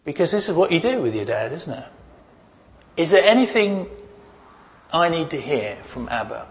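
A man preaching a sermon as pastor, earnest and questioning, leading the listeners into a quiet reflection. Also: fairly high pitch, sing-song, fairly quick, poor audio.

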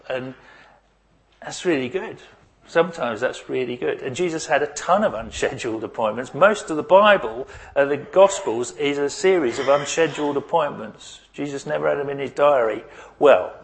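A pastor preaching a sermon and praying, talking conversationally and asking his congregation questions. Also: mid-range voice. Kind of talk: sermon with prayer.

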